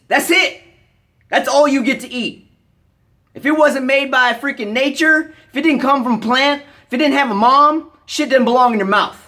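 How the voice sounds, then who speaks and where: An American vlogger delivering an angry rant to the camera, blunt and profane, scolding the viewer with bursts of shouting. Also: high voice.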